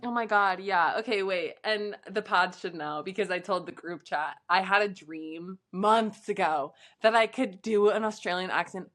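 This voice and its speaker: A woman's voice: medium pitch, moderate pace, few pauses, fairly bright tone. A young American woman co-hosting a casual podcast chat, gushing and laughing often. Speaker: podcast co-host.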